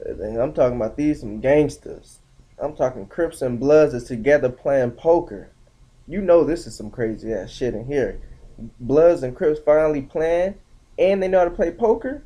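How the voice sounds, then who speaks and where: A young man telling a story casually on his vlog, slangy and animated, acting out the other people's lines in shifting voices. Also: medium pitch, moderate pace. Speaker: vlogger.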